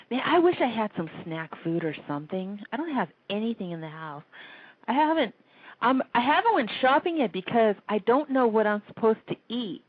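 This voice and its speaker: A woman's voice: a little high, no room sound. A woman hosting a casual call-in internet radio show, chatty and rambling, laughing often. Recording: tinny phone-line sound.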